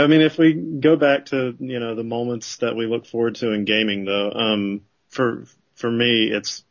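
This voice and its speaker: A man's voice: medium pitch, a bit bright, no room sound. A man joins a podcast chat, stammering and restarting as he earnestly works through his thoughts. His voice is close and dry, with a muffled top end. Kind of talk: casual chat.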